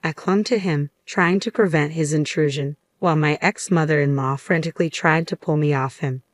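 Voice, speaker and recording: In a close, dry recording with no room sound, a woman narrates a first-person story. Her voice is low, and she reads at a moderate pace in a steady, even manner.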